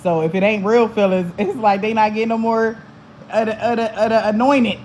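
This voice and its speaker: A woman's voice: medium pitch, steady tone, brisk, a little mellow, slight background noise, low-quality recording. Blunt, laughing woman chatting to viewers. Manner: blunt, profane, laughs often. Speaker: spiritual channel host. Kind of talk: casual chat to viewers.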